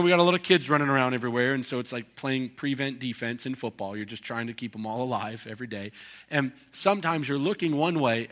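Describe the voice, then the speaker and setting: A man's voice: mid-range voice, a bit bright. A man, a pastor, preaching a conversational expository sermon and acting out quotes as he goes.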